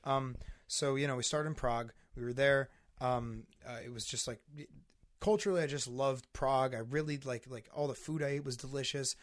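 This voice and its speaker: A man's voice: medium pitch, fairly even intonation, normal speed. Rambling man in casual chat. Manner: rambling, profane, hesitant restarts.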